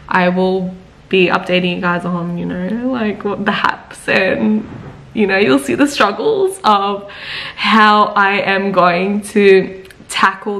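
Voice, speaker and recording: A woman's voice: mid-range voice, creaky, a bit bright. A young woman, chatting casually to camera in a vlog, giggly and full of "like" and "literally". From Australia. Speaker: vlogger.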